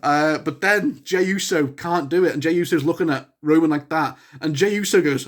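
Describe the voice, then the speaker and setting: A young man giving a casual spoken review of a wrestling show, rambling with many restarts and breaking into excited shouts. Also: a little high, fairly quick, hardly any pauses. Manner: excitable, bursts into shouts at big moments.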